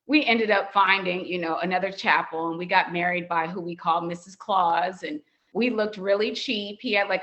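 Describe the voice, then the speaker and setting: A middle-aged woman, a podcast guest, telling a casual story and acting out the quoted dialogue in a raised voice. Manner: animated, acts out quoted dialogue in higher voices.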